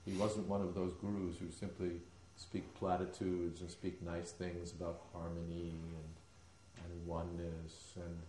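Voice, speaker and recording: A man with a deep, mellow voice gives a devotional lecture. He tells stories emphatically, pausing on fillers now and then. His voice echoes through a roomy hall. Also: monotone, a little hiss or hum. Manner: emphatic storyteller, hesitant fillers. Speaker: spiritual teacher.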